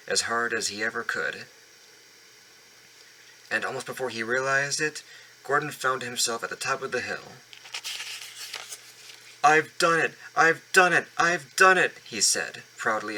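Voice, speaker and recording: At home in his basement, a man reads a children's storybook aloud, often stumbling and restarting lines. His mid-range voice, pushed and bright, moves at a moderate pace. The recording is rough, with slight background noise.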